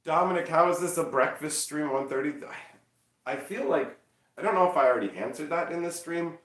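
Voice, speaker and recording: A man chatting casually on a livestream, loud and energetic, teasing his chat. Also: fairly high pitch, a little fast, reverberant, recorded from a distance. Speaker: streamer.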